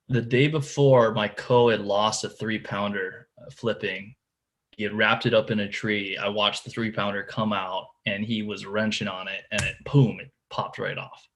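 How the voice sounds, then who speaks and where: With a voice on the low side and a bit bright, a man guesting on a podcast tells a tournament fishing story in a casual way. He often restarts sentences and repeats words, his speech full of "like" and "dude."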